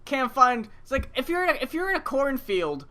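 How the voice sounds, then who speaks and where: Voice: high voice, huge pitch swings, fast, a bit bright. A podcast co-host in a casual chat, rambling through memories, laughing along and swearing casually.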